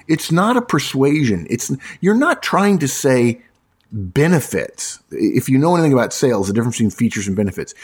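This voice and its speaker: A man's voice: medium pitch, husky. A man who works as a recruiter gives emphatic, punchy resume advice, hammering his points home and addressing listeners as folks.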